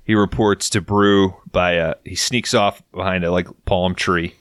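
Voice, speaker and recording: A man's voice: low voice, fairly even intonation, unhurried, fairly bright tone, clear, resonant tone, no room sound. A man hosting a podcast, casually recapping a TV episode and swearing freely while acting out lines. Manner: profane, joking, acts out quotes. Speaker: podcast host.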